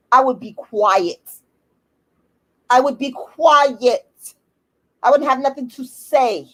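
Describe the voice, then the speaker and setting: A woman with an African American English accent, ranting to camera in a blunt, profane, heated and repetitive way. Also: fairly high pitch. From United States. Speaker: YouTube commentator. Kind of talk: emphatic personal rant to camera.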